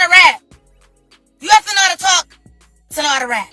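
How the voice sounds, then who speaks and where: A woman from a reality show delivers a blunt, insulting confessional rant in a mocking tone. Her voice is high and bright, and it plays as a show clip with faint music underneath. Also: expressive, brisk, dry recording. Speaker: reality show cast member.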